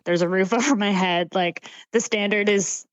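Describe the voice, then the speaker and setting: A young woman from Canada chatting casually as a podcast guest, animated and laughing often, with lots of "like.". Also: mid-range voice, moderate pace, no echo, dull audio. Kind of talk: casual chat. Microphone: remote call mic.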